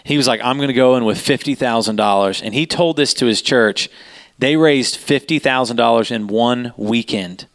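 A man, a pastor, telling a story in a sermon, animated and rising in pitch as he gets excited. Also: moderate pace.

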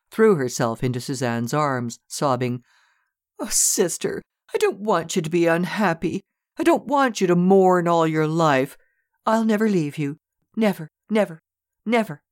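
Dry, measured storybook narrator. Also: mid-range voice, no room sound.

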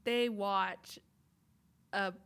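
A young woman co-hosting a casual chat podcast, animated, laughing often and swearing casually. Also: mid-range voice, extremely slow, vocal fry, smooth. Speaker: podcast co-host.

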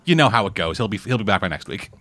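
A man hosting a casual movie and television podcast. He talks fast, his pitch jumping around as he jokes with his co-host. His delivery is loose and playful. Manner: joking, lively banter.

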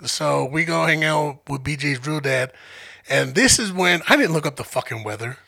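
A young man from Denver telling a profane, animated story in casual podcast chat and acting out the quotes. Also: on the high side, moderate pace, gravelly. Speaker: podcast co-host.

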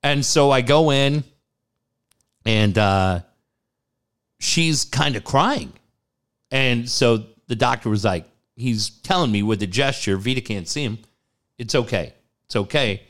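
An animated man tells a personal story in casual conversation. He acts out the other people in the story, and his voice leaps up sharply when he quotes them. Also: slow pace, pauses often. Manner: animated, acts out quotes with big pitch jumps. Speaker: guest telling a personal story.

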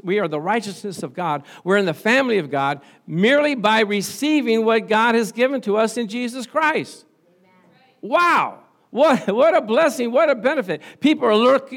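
A man preaching a sermon as pastor, animated, rising to excited exclamations and calling out for responses from the congregation. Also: sits high.

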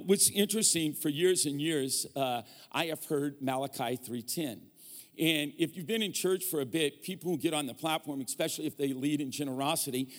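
Male pastor, fairly high voice, comic storyteller, church stage mic, big reverberant hall. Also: a bit bright. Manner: humorous, storytelling preacher with call-and-response. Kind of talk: sermon.

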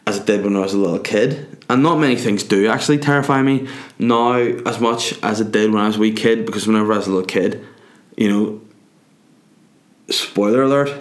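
A man's voice: lowish voice, normal speed. A young man, rambling through a crude comic monologue full of tangents. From Ireland.

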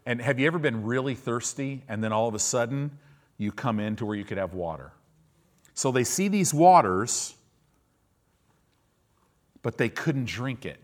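A male pastor preaching in a conversational way, asking his listeners questions and acting out people's reactions. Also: medium pitch. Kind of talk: sermon.

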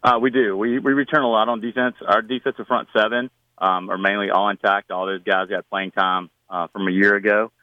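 Speaking fairly quickly, a middle-aged man who coaches high school football takes radio interview questions in an easygoing, plain way, often using fillers and starting over. The lo-fi recording has no room sound.

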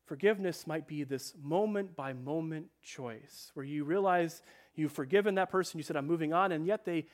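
An earnest male pastor preaching a sermon, his voice sitting a little high for a man. He slows down and sinks to a near-hush on the phrases he wants to land.

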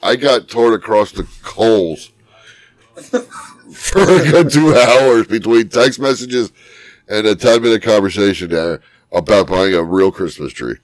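A man's voice: fairly low pitch, unhurried, no echo. A man hosting a podcast, telling a story in casual chat with lots of laughter and swearing. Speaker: podcast host.

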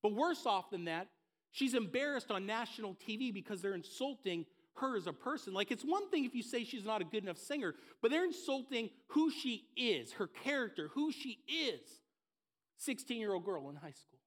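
A man delivers a sermon in a notably high-pitched voice. He tells the story in an emphatic, repetitive preaching style, leaning hard on key phrases and letting his voice drop soft at the sad points. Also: big pitch swings, moderate pace. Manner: storytelling, dropping soft for low moments. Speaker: pastor.

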